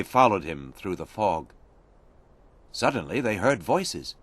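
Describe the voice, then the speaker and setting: A man narrating a storybook in a slow, expressive reading. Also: low voice.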